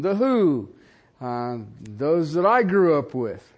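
Animated older male preacher. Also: slow pace. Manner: animated preaching with wide swings in pitch and loudness, asides to the audience. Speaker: pastor. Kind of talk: sermon.

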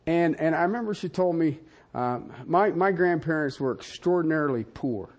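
An older male pastor delivers a sermon in a lively, conversational way, often turning to the congregation with quick asides. His voice sits a little high and swings widely in pitch and volume. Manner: animated preaching with wide swings in pitch and loudness, asides to the audience.

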